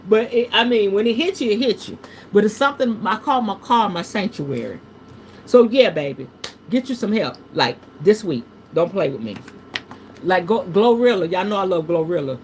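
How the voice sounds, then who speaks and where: A tarot reader leads a livestream at normal speed, treating the reading like a laid-back sermon. She's animated and curses freely, her voice moving from low and hushed to high and loud, with light hiss in the background.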